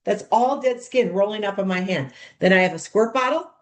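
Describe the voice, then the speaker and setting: A woman coaches others on running a skincare party, demonstrating the steps in a bubbly, chatty way and addressing the group as "you guys." Her voice is medium-pitched and a little fast in this hands-on demonstration talk.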